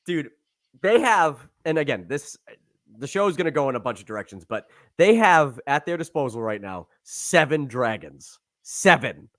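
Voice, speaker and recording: A man with a slightly high voice chats casually on a podcast, talking animatedly and swooping into quick character voices. The sound is dry and close, with no room echo. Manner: animated, acts out characters with sudden swoops in pitch. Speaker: podcast co-host. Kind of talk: casual chat.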